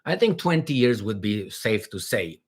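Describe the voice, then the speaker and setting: A man's voice: on the low side, sing-song, normal speed, husky. A middle-aged man hosting a casual livestream, rambling and joking as he reads viewer comments aloud, with many fillers and restarts. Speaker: livestream host.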